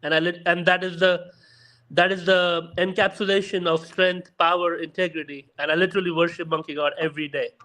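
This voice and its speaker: A man's voice: high-pitched, level tone, fairly quick, bright, forceful tone. A man calling in to a casual chat, speaking earnestly and repeating himself.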